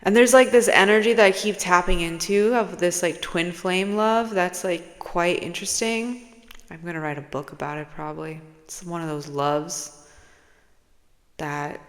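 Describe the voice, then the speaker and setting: A woman's voice: lowish voice, steady tone, normal speed. A woman talking casually to her viewers as a spiritual channeler, rambling, swearing freely and playful. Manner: rambling, profane, playful, drifts into whispers. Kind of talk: casual personal vlog. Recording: long hall-like reverb.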